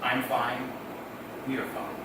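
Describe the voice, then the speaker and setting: A man telling comic personal stories on stage with a wry, deadpan delivery. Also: mid-range voice, slow pace, very noisy. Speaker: storyteller. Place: theater stage. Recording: echoey room, distant mic, loud background.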